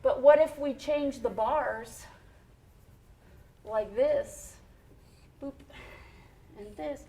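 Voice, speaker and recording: A woman's voice: high-pitched, very slow, long pauses, warm tone. A woman music educator in a studio, explaining rhythm to a child in a chatty, encouraging way.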